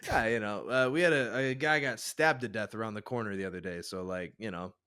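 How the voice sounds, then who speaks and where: With a lowish, pushed and bright voice and a clean tone, this Chicago-area man talks a little fast as he hosts his podcast. The chat is casual, full of meandering anecdotes and wry cursing.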